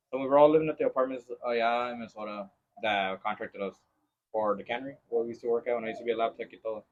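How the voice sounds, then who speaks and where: Fast-talking bilingual podcast host, lo-fi. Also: male voice, medium pitch, background noise. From Mexico-Texas border region. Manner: switches between English and Spanish, animated storytelling. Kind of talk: casual chat. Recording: lo-fi podcast recording.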